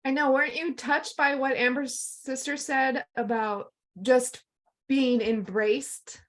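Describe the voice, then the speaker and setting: A woman's voice: high-pitched, steady tone, slow, fairly bright tone. A woman chatting casually over a video call, gushing with enthusiasm about people and events.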